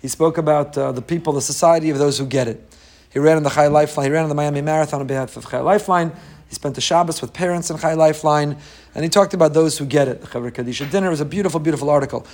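A man teaching a Torah class in a lively way, often acting out the people he quotes. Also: rapid-fire. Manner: animated, acts out quoted voices with rising pitch. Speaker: rabbi.

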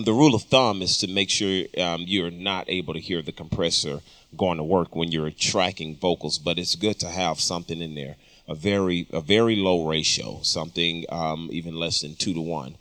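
Male studio instructor, low voice, casual explainer, dry close sound. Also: fairly bright tone, no room sound. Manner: explanatory, casual, with frequent ums. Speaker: audio engineering instructor. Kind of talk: studio tutorial talk. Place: recording studio.

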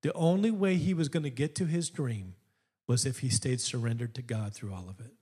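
A man preaching a sermon as pastor, telling a story with lively acted-out voices and frequent laughs. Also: mid-range voice, a little fast, husky. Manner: animated, acts out quoted voices in the story; laughs often while telling stories. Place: church.

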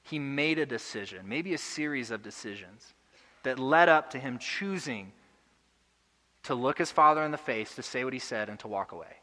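A young adult man preaching a sermon earnestly, building to loud emotional peaks. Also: mid-range voice, expressive, normal speed, in a large hall. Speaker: pastor. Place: church hall.

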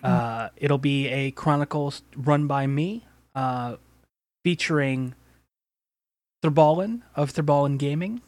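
Slow-talking podcast host, dry close sound. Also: male voice, on the high side, darkish tone, no echo. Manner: rambling, laughs often, swears casually. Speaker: podcast host and game master. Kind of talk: casual podcast chat.

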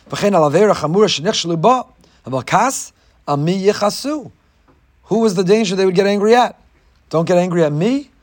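A man giving a Torah lecture, reading Hebrew texts and explaining them in English, his voice rising sharply on rhetorical questions. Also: sits high. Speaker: rabbi giving a Torah class.

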